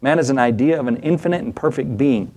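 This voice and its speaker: A man's voice: mid-range voice, fast talker, a little mellow. A middle-aged man delivers a teaching sermon as a pastor. He keeps it conversational, tossing questions to the congregation. Now and then he acts out small scenes in quoted voices. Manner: conversational, asks the congregation for responses.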